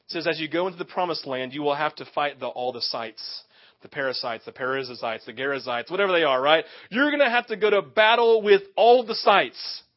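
A man preaching a sermon, animated and asking the congregation questions, acting out what people in the story say. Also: on the high side, brisk, muffled recording. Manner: animated, acts out quoted voices, asks the audience questions. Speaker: pastor.

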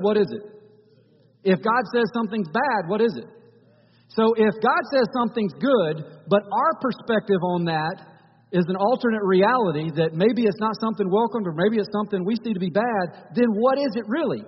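A man's voice: high voice, animated, normal speed, husky, big-room sound, dull audio. A male pastor giving a conversational sermon in a church, often restarting his phrases.

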